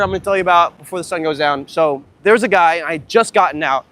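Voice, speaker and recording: A young man with a fairly high voice, livestreaming from a beach into a phone he carries as he walks. He talks in a loose, rambling, profane way that turns excitable as his stories build. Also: fast talker, slight background noise. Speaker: dating coach livestreamer. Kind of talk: casual livestream vlog. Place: outdoors at a beach.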